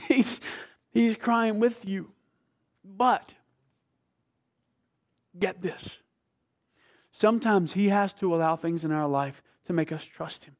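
Male preacher, high voice, fervent and conversational, drops to a hush then builds up loud. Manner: passionate, swings between hushed and loud; conversational, asks the audience questions. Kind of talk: sermon.

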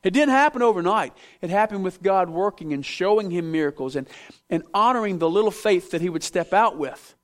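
Male preacher, high-pitched, animated, talks straight to the congregation. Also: a little fast. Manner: animated, acts out biblical figures, asks audience to respond. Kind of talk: sermon. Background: audience in room.

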